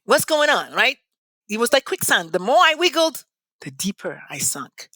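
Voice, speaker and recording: A passionate woman from Nigeria tells her story in an interview, her voice bright and leaping widely up and down in pitch. She leans on dramatic pauses. The sound is close and dry. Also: dry recording. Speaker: podcast guest.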